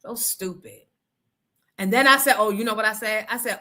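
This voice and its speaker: A woman hosting a radio show, telling a story in a loud, animated, profane and blunt way. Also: medium pitch, normal speed. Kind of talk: casual storytelling rant.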